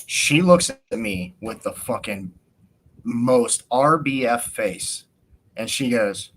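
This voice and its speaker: A man's voice: mid-range voice, slow, gravelly, slight background noise. A man hosting a podcast, telling a story in a casual, ranting way, swearing often and acting out what people said. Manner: animated rant, swears often, acts out quotes. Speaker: podcast host.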